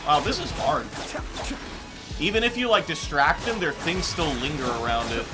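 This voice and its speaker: A man's voice: fairly high pitch, big pitch swings, normal speed, over music. A young man streaming a game, chatting casually and going off on tangents, full of "like" and "um". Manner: rambling, tangent-prone, heavy use of "like" and "um". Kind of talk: casual chat while gaming.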